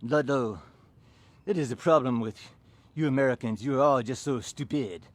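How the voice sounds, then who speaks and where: A man's voice: medium pitch, moderate pace, no room sound, lightly acted. A man voicing a sneering, arrogant Frenchman in a told story, cold and contemptuous.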